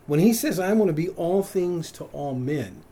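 A man preaching a sermon, animated and conversational, who keeps posing questions to his listeners. His voice is dark and a little husky, and it swings widely up and down as he stresses each point. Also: on the high side, normal speed. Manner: animated, chuckling, asks the room questions. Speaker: pastor.

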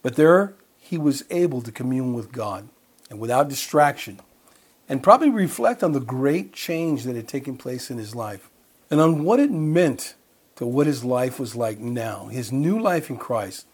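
A man's voice: medium pitch, big pitch swings, moderate pace, breathy edge. A middle-aged man preaching a sermon, explaining scripture and telling personal stories with quoted dialogue in a casual, conversational way. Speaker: pastor.

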